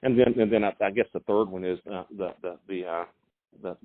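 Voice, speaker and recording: Halting low-voiced coach on a phone line. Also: male voice, no room sound. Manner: halting, many repeated words and fillers. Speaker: high school football coach. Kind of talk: phone interview.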